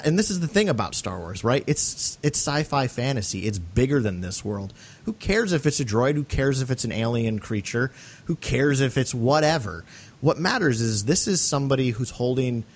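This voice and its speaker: A man hosting a podcast, talking through a film in an earnest, animated way and often checking for agreement. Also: medium pitch, husky. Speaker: podcast host. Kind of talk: casual film discussion.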